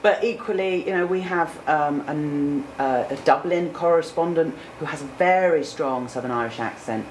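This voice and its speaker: With a deep voice, a moderate pace and hardly any pauses, a Cornish woman in her forties who works as a news presenter answers interview questions chattily and candidly, using fillers. The room sounds echoey, with noticeable background noise.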